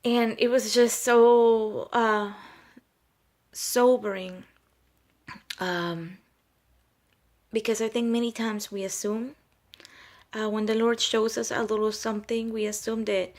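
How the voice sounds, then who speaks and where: A young woman, a homeschooling mother, gives a spoken testimony of a prophetic word. She speaks hesitantly with frequent fillers and slows to a solemn pace when relaying divine words. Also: fairly high pitch, flat delivery, a little mellow.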